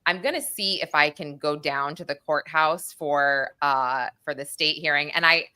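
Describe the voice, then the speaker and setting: Bright, animated woman telling a story. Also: low voice, moderate pace, smooth. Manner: animated storytelling, acts out quotes. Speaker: podcast co-host. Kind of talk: casual true-crime chat.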